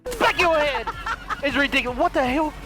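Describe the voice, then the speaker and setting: A man's voice: very high voice, sing-song, moderate pace, music in the background, crowd noise, low-quality recording. A young man giggling and wheezing nonstop through gameplay commentary, taunting the other players. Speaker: gamer.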